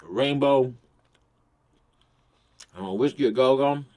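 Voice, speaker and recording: On his own channel, a male host tells a crude, rambling comic story packed with profanity, in the manner of casual comedic storytelling. His voice is medium-pitched and a little mellow, and he takes it slowly.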